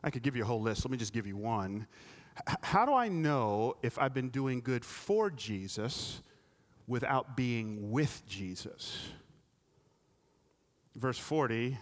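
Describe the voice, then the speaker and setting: A man's voice: medium pitch, expressive, measured pace. A male pastor preaching a sermon, telling stories and asking the congregation pointed rhetorical questions.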